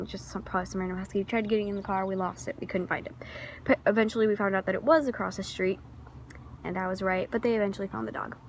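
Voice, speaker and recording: A teenage girl vlogging outdoors in her neighborhood, telling a rambling, excitable story into a handheld phone camera. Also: mid-range voice, slight background noise. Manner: excitable, rambling, many restarts and fillers. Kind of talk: casual storytelling vlog.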